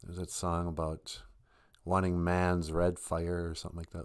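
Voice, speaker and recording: A man in his fifties, co-hosting a live stream, telling a story in a rambling, animated way and laughing often. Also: low-pitched, normal speed. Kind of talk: casual chat, storytelling.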